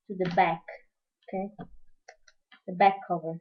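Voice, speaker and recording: A woman's voice: mid-range voice, fairly even intonation. A woman hosting a live-streamed craft tutorial, explaining each step while she works and chatting with viewers. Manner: talks slowly while working, chats with viewers. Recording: dull lo-fi live stream audio.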